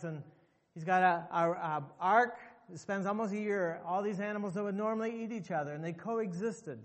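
A man's voice: high-pitched, in a large hall. A male pastor preaching a sermon emphatically to his congregation, repeating phrases for effect.

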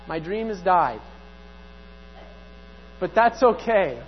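A man's voice: high-pitched, very animated, takes it slowly. A man preaching a sermon as pastor, conversational and repeating key phrases for emphasis. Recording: dull sound, long hall reverb, mains hum.

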